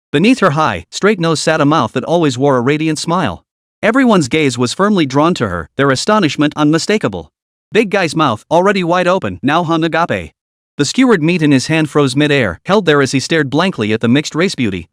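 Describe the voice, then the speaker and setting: A man reading a scripted story recap as narrator, keeping an even storytelling read. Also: on the high side, dry recording, studio quality.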